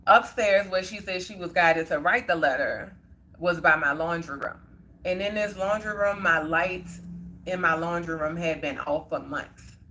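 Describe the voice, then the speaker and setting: Woman host, lowish voice, bright edge, chatty and heartfelt. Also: unhurried, slight background noise. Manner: earnest, conversational, many fillers. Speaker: livestream host. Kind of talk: casual storytelling.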